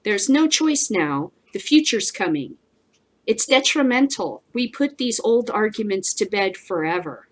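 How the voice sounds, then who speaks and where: A woman's voice: medium pitch, animated, measured pace. A woman hosting a casual commentary show, ranting bluntly with lots of swearing and frequent laughter. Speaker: host.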